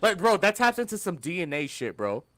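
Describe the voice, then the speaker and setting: Lively, animated podcast storyteller. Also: male voice, high voice, a little fast. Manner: animated storyteller, profane, mimics people. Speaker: podcast co-host. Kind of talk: casual podcast banter.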